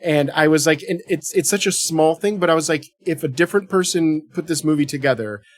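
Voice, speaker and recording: A man's voice: on the high side, fairly quick, no room sound. Joking man podcast co-host, dry sound. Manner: animated, joking, profane. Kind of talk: casual chat about a film.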